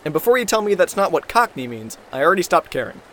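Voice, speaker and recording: A man's voice: sits high, big pitch swings, quick pace, a bit bright, slight background noise. An actor playing a sarcastic, crude wisecracking man in an audio drama.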